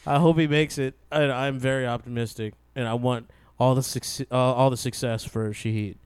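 A man's voice: medium pitch, steady tone, moderate pace, smooth, no room sound. A man co-hosting a podcast in playful, casual chat who laughs often. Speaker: podcast co-host.

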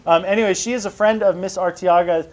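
A man from the school staff informally introduces a guest speaker at an assembly, halting with fillers. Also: high voice, fairly even intonation, a little mellow.

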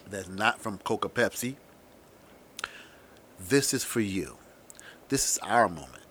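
In a comedic monologue, a podcast host with a slightly low voice delivers a sarcastic, crude, profane rant. He swings between loudly punching certain words and muttering others under his breath.

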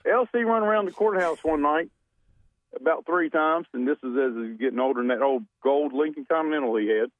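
A man's voice: a little high, no room sound. Man telling stories over a tinny phone line. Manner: folksy, drawn-out, rambling anecdotes. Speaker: radio show caller. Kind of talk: storytelling on a call-in show.

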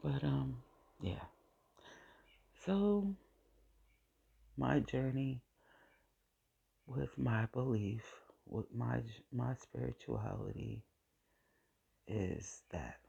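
A woman's voice: rumbling low, lively intonation, extremely slow, vocal fry, pauses often, dark tone, slightly rough, muffled recording. A woman sharing a personal faith testimony in a vlog. She repeats phrases for emphasis and sometimes drifts into a whisper. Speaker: vlogger sharing her faith.

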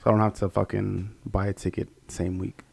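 A man trading loud, profane, teasing banter about football with friends. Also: lowish voice, flat delivery, a little fast, creaky, slightly rough, dry recording. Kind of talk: casual sports banter.

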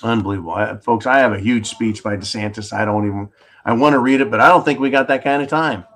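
A man's voice: lowish voice, quick pace, fairly bright tone. A man from California hosting a political show, ranting bluntly and sarcastically as he reads out viewer questions. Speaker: host of a political call-in show.

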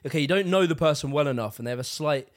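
A man's voice: fairly high pitch, very fast. A man co-hosting a podcast, bantering and laughing often in casual chat. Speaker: podcast co-host.

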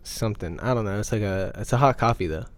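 A teenage boy with a fairly low voice talks casually into a podcast mic. His speech wanders, packed with fillers and restarts, in easy, friendly chat. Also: fast, no room sound. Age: teens. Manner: rambling, full of "like" and "um". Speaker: podcast guest or host. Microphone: podcast microphone.

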